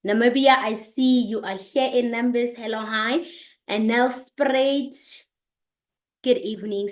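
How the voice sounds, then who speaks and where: An energetic woman hosts an online business presentation over a video call. Her voice sits slightly high, and she greets attendees one after another before moving into her pitch. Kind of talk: upbeat online meeting presentation.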